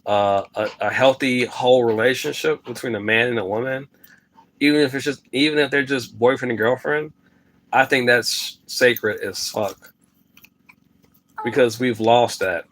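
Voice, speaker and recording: A man's voice: mid-range voice, a little slow, a bit bright. A man, rambling in a casual vlog to his camera at home and often stopping to talk to his dog. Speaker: vlogger. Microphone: phone camera.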